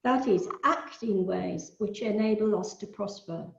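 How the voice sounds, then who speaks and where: Gravelly-voiced woman giving an online talk. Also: medium pitch, a little hiss or hum. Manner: measured, explanatory, musing asides. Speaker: astrology lecturer. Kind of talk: online talk with shared screen. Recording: echoey, dull lo-fi.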